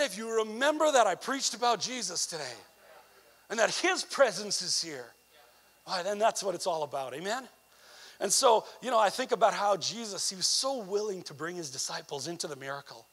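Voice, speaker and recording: A man from Canada, an evangelist preaching a sermon in a conversational way that swells into emphatic, near-shouted lines. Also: high-pitched, animated, fairly quick. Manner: conversational asides with frequent "you know".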